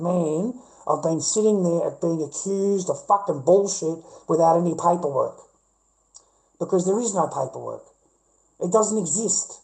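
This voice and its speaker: A man's voice: on the high side, animated, normal speed, darkish tone, rough recording. An Australian man in a rambling casual livestream chat with viewers, blunt and profane, ranting and laughing things off, speaking into a webcam in front of his screen.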